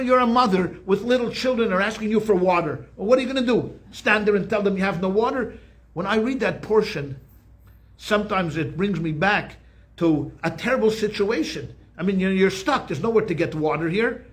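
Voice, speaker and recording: An older man teaching an informal Torah class as a rabbi, telling stories in an animated way, acting out quotes and often repeating his words. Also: high voice. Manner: animated storytelling, acts out quotes, frequent repetitions.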